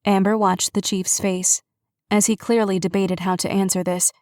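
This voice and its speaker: A woman's voice: mid-range voice, little pitch movement, normal speed, a little mellow, dry recording. Woman narrating a cozy mystery, dry close read. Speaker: audiobook narrator. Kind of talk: scripted narration.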